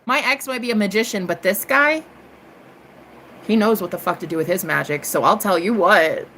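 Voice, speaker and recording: American woman, host of her own stream, bright and punchy, cheeky and profane, big swoops up to squeals. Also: moderate pace, slight background noise. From United States. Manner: sassy, animated, swooping into high exclamations; cheeky and profane, calls listeners honey and girl. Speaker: tarot reader and live streamer. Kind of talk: casual storytelling monologue.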